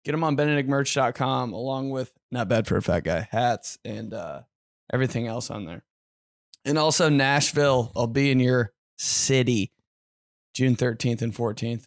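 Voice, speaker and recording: Man, comedian co-host. Laid-back, jokey, mid-pitched, close dry mic. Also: expressive, moderate pace, no room sound. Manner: laid-back, joking, drops to a mumble. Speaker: podcast co-host, stand-up comedian. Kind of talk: casual chat.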